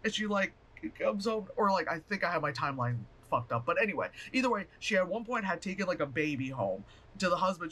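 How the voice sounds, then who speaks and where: A man chatting through a movie review vlog, animated and profane, rambling with fillers and laughs. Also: sits high, normal speed.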